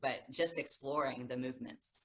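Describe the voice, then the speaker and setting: A woman with a rumbling low, steady-toned voice speaks at normal speed over poor audio. Co-hosting a music education podcast, she chats casually and enthusiastically about teaching and demonstrates sounds.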